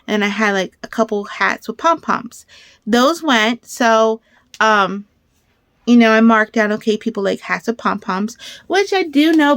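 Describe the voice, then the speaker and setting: A woman in her thirties chatting casually in a crafting vlog, rambling and excitable, with bursts of animated storytelling. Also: mid-range voice, smooth, dry recording. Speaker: crafter vlogger.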